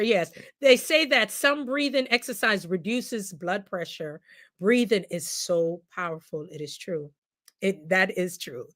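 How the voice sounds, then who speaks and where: A woman hosts a relaxed live stream from a computer mic. She talks directly to her viewers, animated and quick to laugh, with her voice rising and falling in the middle of her range. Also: mid-range voice. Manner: animated, laughs often, speaks straight to viewers. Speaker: host; nurse and coach. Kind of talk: casual livestream talk to viewers.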